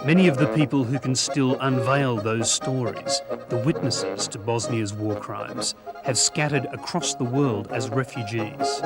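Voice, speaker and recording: A man reading scripted documentary narration in a measured, even way. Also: medium pitch, loud music behind the voice.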